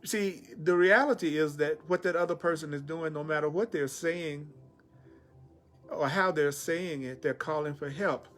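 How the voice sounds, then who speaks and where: A man's voice: fairly high pitch, moderate pace, fairly bright tone. A middle-aged man giving a spiritual teaching talk, repeating key phrases with emphasis. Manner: repetitive, emphatic, pleading voice for quotes.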